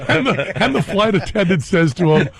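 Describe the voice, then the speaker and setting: A man's voice: sits high, big pitch swings, fairly quick, creaky, very noisy. A man telling a comic anecdote on a talk radio show as a guest, laughing at his own story.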